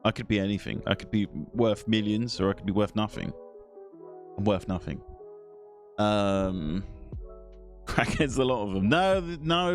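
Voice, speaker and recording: Animated, rambling man streaming. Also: fairly low pitch. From England. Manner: swears, rambling, talks to chat. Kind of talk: casual live-stream chat.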